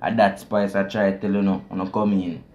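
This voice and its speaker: Animated Jamaican man talking casually. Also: sits low, normal speed. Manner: animated, explains lyrics in patois, chuckles often. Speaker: reaction video host. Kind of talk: casual commentary.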